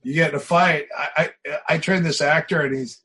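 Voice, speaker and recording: A man's voice: fairly high pitch, steady tone, moderate pace, pushed and bright, a little hiss or hum, rough recording. A middle-aged man, a martial arts coach, talking casually in an interview. He tells anecdotes with energy and repeats phrases for emphasis.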